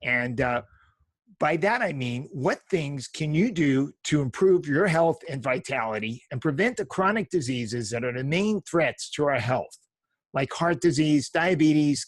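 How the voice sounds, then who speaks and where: A man's voice: a little high, animated, unhurried, no room sound. A man in his fifties, a chiropractor hosting an interview podcast, who reads a formal guest introduction with the odd filler. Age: 50s.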